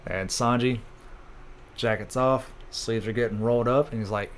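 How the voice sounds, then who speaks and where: Man, casual comic recap, rambling, lots of fillers, middle-pitched voice, faint hum behind. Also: steady tone, normal speed. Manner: rambling, with many fillers and crude jokes. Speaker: channel host recapping manga.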